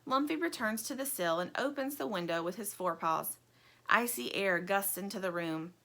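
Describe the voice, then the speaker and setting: A woman reading a children's story aloud in an expressive, animated way. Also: mid-range voice, normal speed, creaky.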